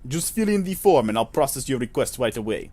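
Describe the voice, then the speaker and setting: A man voicing an obliging, officious office clerk with a smooth, courteous way of talking. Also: mid-range voice, sing-song, fairly quick, warm tone.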